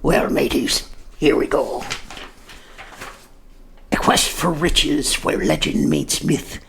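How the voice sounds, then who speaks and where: A gruff old pirate, as a man puts him on, reciting verse in a deeply gravelly voice. The delivery is slow and swings widely in pitch. Faint noise hums behind it. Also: very animated, a bit bright, full character voice. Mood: theatrical.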